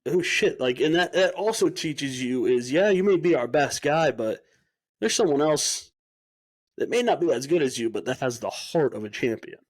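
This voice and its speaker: Speaking at a moderate pace with lively intonation, this young man has a voice on the slightly high side. As co-host of a casual podcast, he tells spirited stories, acts out what people said, and swears freely.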